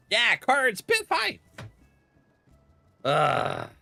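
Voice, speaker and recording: A man's voice: sits high, wildly swooping pitch, extremely slow, creaky, bright, forceful tone, no echo, faint music behind. A man in his thirties with a cold, streaming a game and rambling through stories with frequent laughter. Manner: rambling storyteller, laughs often. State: has a cold. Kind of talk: casual gaming stream chat.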